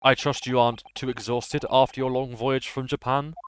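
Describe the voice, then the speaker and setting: A man's voice: medium pitch, little pitch movement, slight background noise, lightly acted. Man playing a posh, stoic British chief judge. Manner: stiff, formal and measured.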